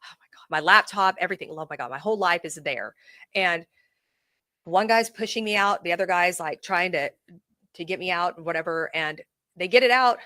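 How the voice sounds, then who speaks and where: A woman's bright, crisp voice recorded close and dry, as she spins an animated, laugh-filled tale for her interviewer. She talks the way a real estate pro gossips with a friend, quick to giggle and play every part. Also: on the low side, no echo. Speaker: real estate consultant, guest. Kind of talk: casual storytelling interview.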